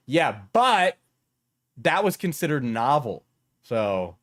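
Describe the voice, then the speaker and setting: A man's voice: fairly high pitch, animated, normal speed. Sarcastic, crude-talking male streamer. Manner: sarcastic, crude, laughing often. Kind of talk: casual reaction commentary.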